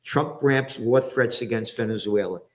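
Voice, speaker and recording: A man's voice: mid-range voice, moderate pace. A man from the Bronx, hosting ranting political commentary in a profane, sarcastic, heated way, jumping from topic to topic. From the Bronx, New York. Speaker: commentator and host.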